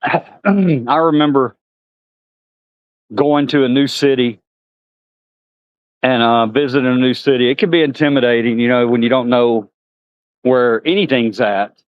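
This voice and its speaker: A man's voice: mid-range voice, steady tone, a little slow, pauses often, no echo. Chatty man, dull dry sound. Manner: chatty, laughs often, talks to animals. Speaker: vlogger at a zoo. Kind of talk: casual chat to viewers. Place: outdoors at a zoo.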